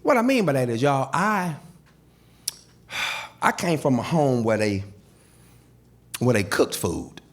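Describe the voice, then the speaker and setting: A man's voice: mid-range voice, takes it slowly, long pauses. A middle-aged man doing a stand-up comedy routine on stage, animatedly telling stories and acting out the people in them. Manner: animated storytelling, acts out quoted people. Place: comedy stage before a live audience.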